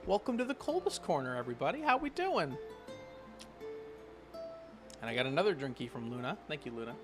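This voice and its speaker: A man chatting casually on his game stream, relaxed and laughing often, swearing now and then. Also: fairly high pitch, brisk, music in the background. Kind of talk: casual gaming stream chat.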